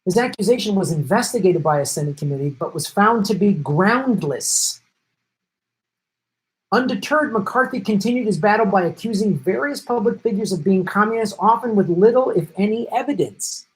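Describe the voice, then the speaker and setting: Animated, indignant male political commentator. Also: sits high, moderate pace, poor audio. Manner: indignant, sarcastic, talks with emphatic repetition.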